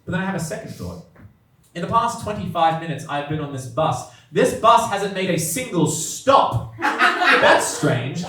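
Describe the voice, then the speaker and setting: Young aussie guy doing standup, highish voice, deadpan then exasperated, roomy echoey far-off sound with music. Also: measured pace. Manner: exasperated, incredulous outbursts between deadpan narration. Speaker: stand-up comedian. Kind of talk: stand-up storytelling. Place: comedy venue stage. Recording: echoey venue heard from a distance with music.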